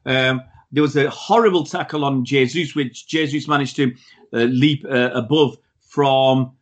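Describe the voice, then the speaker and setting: A man in a casual football podcast chat, speaking at a mid pitch. He is blunt and outspoken and does not soften his opinions. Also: steady tone, a little slow, dull audio. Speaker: podcast co-host.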